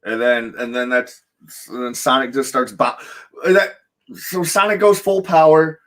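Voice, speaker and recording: A man's voice: medium pitch, a little slow, a bit bright, poor audio. A man co-hosting a podcast in casual chat, eagerly retelling scenes with many restarts. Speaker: podcast co-host.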